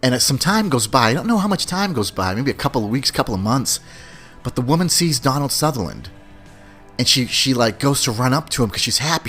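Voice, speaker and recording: A man talks through a podcast monologue in a loose, rambling way, with lots of "man" and "you know". His voice sits at an ordinary middle pitch. Faint music plays behind him. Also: expressive, fairly quick, fairly bright tone. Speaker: podcast host. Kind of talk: casual movie-talk podcast monologue.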